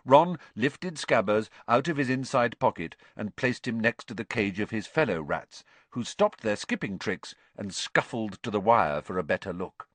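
A man narrating a storybook in an expressive, animated reading. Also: fairly low pitch, normal speed, few pauses, no echo. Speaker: audiobook narrator.

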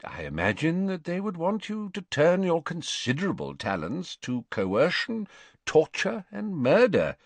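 A man voicing a very old male wizard who speaks calmly and serenely, with dry, gentle irony. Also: a little high, unhurried, no room sound, pitched above the performer's own voice, exaggerated voice. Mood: pointed.

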